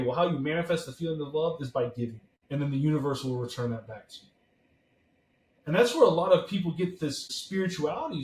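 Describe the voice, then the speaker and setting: A man's voice: fairly high pitch, darkish tone, roomy sound, low-quality recording. A man being interviewed as a podcast guest, explaining his ideas earnestly and stressing his points by repeating phrases. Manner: emphatic, builds points through repeated phrases.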